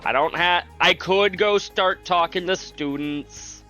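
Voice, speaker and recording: Male streamer, unhurried and joking, crisp bright tone, faint game music under him. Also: high voice, muffled recording. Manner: laid-back, joking, talks to chat. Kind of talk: casual live-stream chat.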